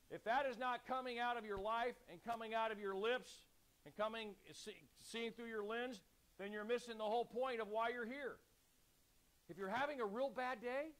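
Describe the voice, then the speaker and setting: Man, pastor, sermon, high-pitched, urgent exhortation, call-and-response, throat clearing. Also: fairly bright tone.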